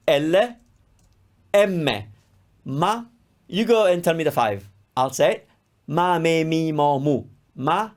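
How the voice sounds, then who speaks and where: A man from Italy, teaching a language lesson and patiently repeating syllables for the learner. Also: a little high. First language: Italian. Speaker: Italian teacher.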